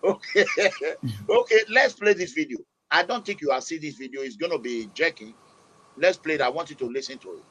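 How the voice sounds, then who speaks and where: Loud, bright host cueing a clip. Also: male voice, on the high side, very animated, brisk, breathy edge, low-quality recording. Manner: loud, laughing, playing clips.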